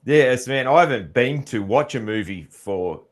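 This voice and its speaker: A middle-aged Australian man hosts a podcast, keeping the interview chat casual and rambling and laughing often. His mid-range voice is expressive and moves at a normal speed.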